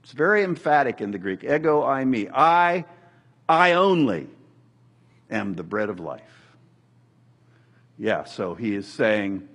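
A middle-aged man preaching a sermon in a conversational, animated way, joking and acting out quotes. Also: on the low side, moderate pace, breathy edge. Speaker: pastor.

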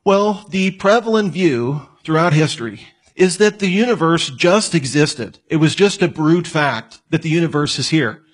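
Husky man lecturing, slightly high voice. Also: expressive, moderate pace. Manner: conversational, asks the listener questions, joking asides. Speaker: apologetics teacher. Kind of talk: lecture on evidence.

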